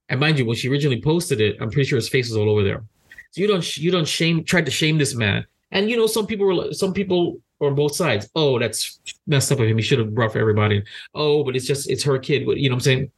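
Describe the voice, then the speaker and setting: A man hosting a podcast, talking in a casual, animated way, often repeating his words and acting out what others said. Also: medium pitch, slightly rough. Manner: animated, repeats words, acts out quoted speech. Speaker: podcast host.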